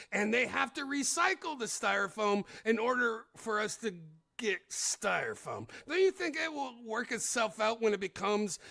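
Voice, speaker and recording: A middle-aged man hosting a casual comedy podcast, rambling and crude in an animated way. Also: sits high, creaky, no room sound, clean studio sound. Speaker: podcast host.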